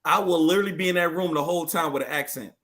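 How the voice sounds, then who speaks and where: Emphatic storytelling man, slightly high voice. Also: racing, a bit bright. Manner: storytelling, emphatic, repeats "literally". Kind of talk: casual panel discussion.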